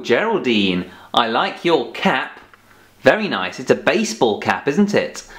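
Animated man teaching phonics. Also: on the high side. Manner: animated, mock-scolding, sing-song. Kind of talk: children's educational presenting.

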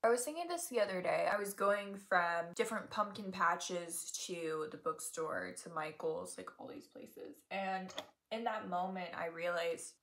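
A woman's voice: on the low side, unhurried, fairly bright tone. A young woman in her twenties chatting casually while doing her makeup, rambling and joking at herself, filmed on a tablet at home. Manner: rambling, self-mocking, jokey asides. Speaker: beauty vlogger. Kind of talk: chatty get-ready-with-me makeup talk. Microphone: tablet camera.

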